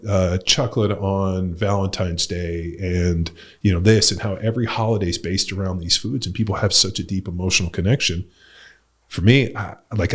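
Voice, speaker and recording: A man's voice: low voice, breathy edge. A middle-aged man hosting a podcast, talking in a loose, rambling way with lots of fillers and blunt swearing. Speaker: podcast host and coach. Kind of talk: casual podcast chat.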